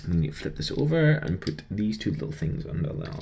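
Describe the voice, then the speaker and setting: A man's voice: low voice, sing-song, fairly quick, gravelly, darkish tone, slight background noise. A young man rambling casually about his week while building a model kit, chatty and self-deprecating.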